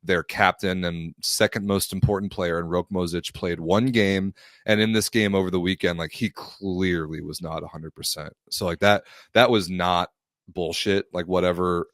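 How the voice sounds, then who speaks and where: Low-voiced blunt podcast co-host man. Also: steady tone, moderate pace, a bit bright, no echo, studio quality. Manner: blunt, scoffing, opinionated. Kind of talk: casual sports podcast chat.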